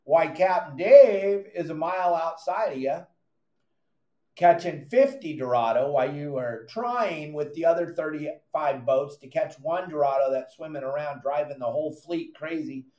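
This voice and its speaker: A man's voice: on the high side, moderate pace, dark tone, reverberant. Emphatic man with a raised voice. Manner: emphatic, repeats points, addresses listeners as "gang". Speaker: fishing podcast host and charter captain. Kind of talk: animated advice monologue.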